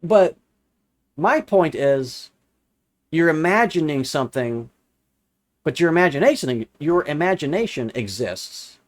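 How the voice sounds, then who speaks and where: A man's voice: fairly high pitch, very animated, measured pace, pauses often. A young adult man commenting on a viewer's comment, sarcastic and exasperated, repeating lines for emphasis. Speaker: religious commentator answering comments. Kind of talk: casual commentary reading and rebutting a comment.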